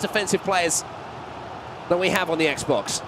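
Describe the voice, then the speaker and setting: A man giving play-by-play commentary on an esports football match, calling the action and rising with excitement at chances. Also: high voice, a little slow, background noise.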